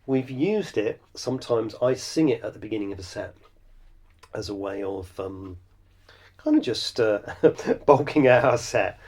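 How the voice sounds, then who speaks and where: In a reflective solo podcast, a middle-aged songwriter and host wanders through his thoughts with self-deprecating humor, many fillers, and frequent restarts. He speaks unhurriedly in a fairly low, husky, slightly mellow voice with lively intonation.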